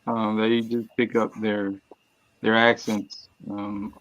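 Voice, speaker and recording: A man's voice: on the low side, sing-song, slow, gravelly, a bit bright, muffled recording. Easygoing man with a New Jersey accent. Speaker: guest co-host. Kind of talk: casual chat.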